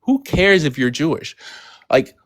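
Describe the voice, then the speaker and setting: A man's voice: a little high, big pitch swings, a little slow, no echo, studio quality. A man on a casual live stream explaining his views earnestly, often adding "you know" and "right". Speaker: guest.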